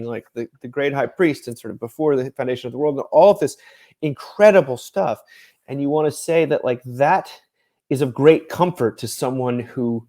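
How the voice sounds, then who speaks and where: A male author interviewed about his book, with a voice of middling pitch. He explains his ideas thoughtfully and at length, and lets small laughs slip between phrases. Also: mellow. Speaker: author and ministry director, guest. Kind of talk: conversational interview.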